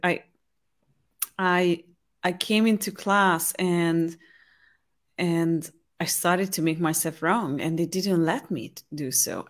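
A woman from Hungary, an English speaker, hosting a casual conversation and telling stories with animation. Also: fairly low pitch. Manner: animated, lively storytelling. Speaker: host.

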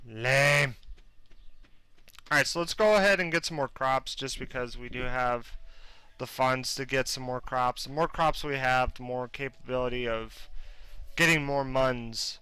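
A man hosting a let's-play, chatting casually and getting playfully excited at what he finds. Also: mid-range voice, clean tone. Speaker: gaming channel host.

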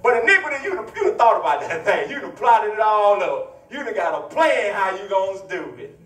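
High, lively preacher echoing through a church. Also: male voice, brisk. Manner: animated, playful, hollering and teasing the congregation. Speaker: pastor. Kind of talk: teaching sermon with congregation call-and-response. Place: church sanctuary. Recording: echoey church, voice from far off mic.

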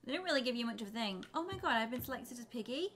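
Excitable young woman playing a game. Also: a little high, rapid-fire. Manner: excitable, flustered, bursts into screams. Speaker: gaming YouTuber. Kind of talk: let's play commentary.

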